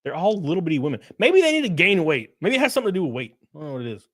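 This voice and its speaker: A man's voice: on the high side, sing-song, very fast, a bit bright. A man hosting a live stream, talking crudely and joking with his chat, laughing often. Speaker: streamer host. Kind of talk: casual live-stream commentary.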